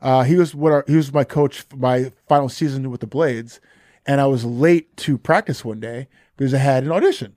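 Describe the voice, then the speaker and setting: A man's voice: medium pitch, brisk, no echo, clean studio sound. A man in his fifties, a podcast guest telling stories casually and animatedly, acting out other people's lines. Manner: animated, acts out dialogue in shifting voices. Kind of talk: casual storytelling.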